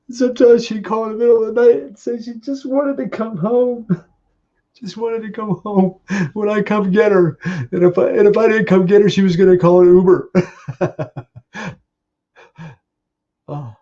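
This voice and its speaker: Man, grieving husband, warm mellow rasp, halting and tearful, lo-fi call sound. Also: high voice. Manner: halting, tearful, laughs through grief. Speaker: grieving husband sharing memories. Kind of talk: emotional memorial tribute. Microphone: video call.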